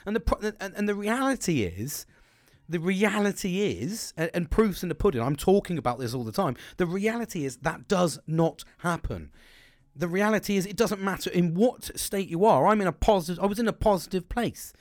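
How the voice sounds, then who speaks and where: A man's voice: sits high, lively intonation, moderate pace, dry recording. Sweary, rambling man, dry sound. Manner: frank, sweary, rambling with restarts. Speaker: podcast host. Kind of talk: candid solo podcast.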